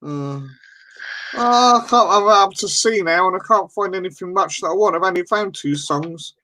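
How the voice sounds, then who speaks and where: A man's voice: sits high, normal speed, sharp tone, slight background noise. A man chatting casually on a live stream, rambling and swearing in laughing banter.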